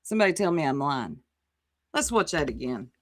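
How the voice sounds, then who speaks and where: A woman's voice: low-pitched, very animated, brisk. A woman hosting a casual commentary livestream, sassy and exclamatory, reading chat aloud and reacting to a clip. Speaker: livestream host.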